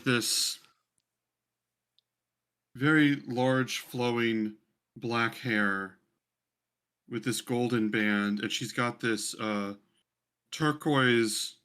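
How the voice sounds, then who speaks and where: A man's voice: medium pitch, a bit bright. A man narrating as game master in a rambling, casual way with many fillers.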